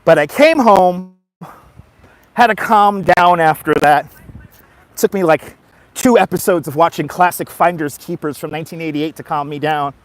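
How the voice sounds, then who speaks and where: Brief: man, slightly high voice, livestream vlogger, recorded outdoors on a phone. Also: moderate pace. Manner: chatty storytelling, greets viewers by name. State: tired after a nap. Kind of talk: casual livestream chat. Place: outdoors on a boardwalk.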